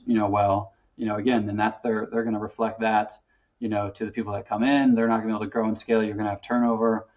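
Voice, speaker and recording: A man's voice: fairly low pitch, a little mellow. A man talking earnestly in a casual podcast conversation, peppering his speech with "you know". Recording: distant, dull-sounding mic.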